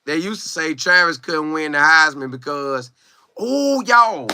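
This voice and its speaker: Lively, bright-voiced man chatting with viewers. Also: on the high side, a little slow, clear, resonant tone, no echo, studio quality. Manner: animated, chatty, sings and riffs, reads viewer comments aloud. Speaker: sports commentary streamer. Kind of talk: casual live-stream chat.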